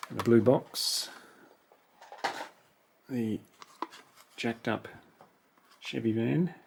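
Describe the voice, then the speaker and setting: Against a noisy background, a man draws out his words in a mid-range voice with vocal fry. He's a toy car collector casually talking to himself while unboxing cars and musing over each one.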